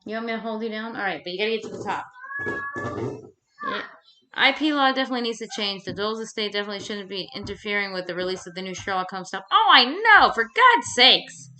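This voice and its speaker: A woman's voice: mid-range voice, quick pace. A young woman vlogging at home, ranting casually with plenty of swearing and fillers. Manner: rambling, swears freely, animated ranting with fillers. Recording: roomy echo.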